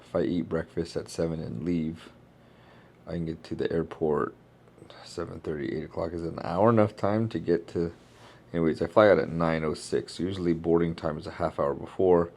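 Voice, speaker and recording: A man, a keynote speaker, chatting casually in a travel vlog and thinking out loud in a rambling way. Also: deep voice, steady tone, moderate pace, gravelly.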